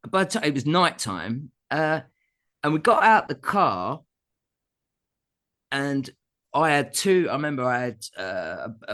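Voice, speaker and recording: A man's voice: mid-range voice, a bit bright. A middle-aged man, a musician telling a long anecdote as a guest in a casual interview, laughing often as he goes.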